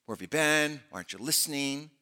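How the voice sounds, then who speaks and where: A man preaching a sermon to a congregation, animated and conversational, acting out scripture dialogues. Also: a little high, fast, clear, resonant tone, long reverb tail. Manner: animated preaching, voicing prophet and God in dialogue. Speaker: pastor.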